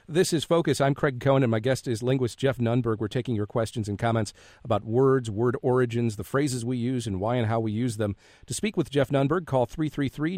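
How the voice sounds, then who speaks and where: Male public radio host, mid pitch, steady reads, dry close studio sound. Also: no echo. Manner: measured, reads numbers slowly.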